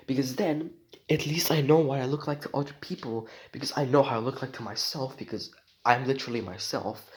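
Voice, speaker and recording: A man's voice: mid-range voice, a little fast, poor audio. A man, talking outdoors in a rambling personal vlog, meandering and repeating himself with plenty of fillers. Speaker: vlogger.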